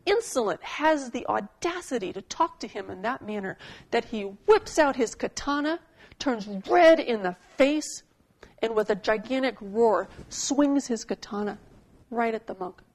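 Slow, gravelly-voiced woman preacher. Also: a little high, expressive. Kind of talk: sermon with storytelling and poetry reading.

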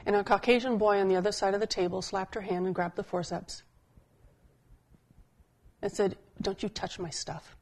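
A woman giving a sermon as a pastor, telling stories in a conversational style and slowing down to stress key points. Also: mid-range voice, steady tone, darkish tone. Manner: conversational storytelling preaching, slowing for emphasis.

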